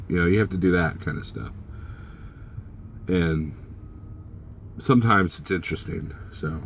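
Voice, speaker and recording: A man's voice: sits low, normal speed, long pauses, a bit bright, slight background noise. A man vlogging as a truck driver, casually chatting and joking with his live-stream viewers and teasing them by name.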